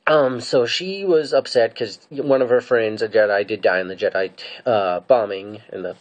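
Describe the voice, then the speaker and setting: Rambling low-voiced man recapping episodes. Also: normal speed. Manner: rambling and hesitant, many fillers and restarts. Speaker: fan reviewer. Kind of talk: casual episode recap and opinion.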